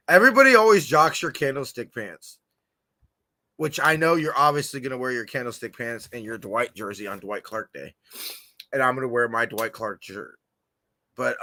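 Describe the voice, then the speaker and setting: A man hosting a fan podcast in a casual livestream chat, excitable and giggly with lots of slang, on a computer camera mic. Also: medium pitch, no room sound.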